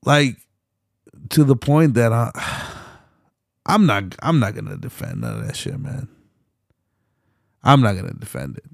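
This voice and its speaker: A man's voice: mid-range voice, sing-song, measured pace, gravelly, long pauses, dry recording, clean studio sound. A young man hosting a solo podcast, rambling passionately with lots of fillers, restarts and swearing. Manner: swears often. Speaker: podcast host.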